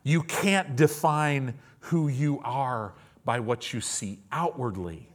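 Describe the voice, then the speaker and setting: A man in his fifties preaching, telling a testimony story in an animated way. He repeats words often and acts out the people in his story. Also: medium pitch, takes it slowly. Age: 50s.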